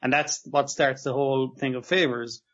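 A man in loose casual conversation, swearing and chatting with quick asides about a cartoon episode. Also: mid-range voice, fairly even intonation, a bit bright, lo-fi sound. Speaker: podcast co-host. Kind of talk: casual chat recapping an anime episode.

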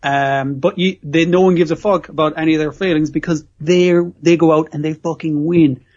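A man's voice: a little high, steady tone, moderate pace, a little mellow, lo-fi sound. A man co-hosting a podcast, rambling through an episode recap with constant swearing and frequent laughs. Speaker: podcast co-host. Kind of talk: casual chat recapping an episode.

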